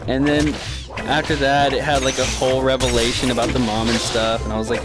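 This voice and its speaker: Rambling, swearing man over loud music. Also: a little fast. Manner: rambling, profane, swings into excited high exclamations. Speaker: gaming storyteller. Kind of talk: casual storytime recap. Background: loud background music.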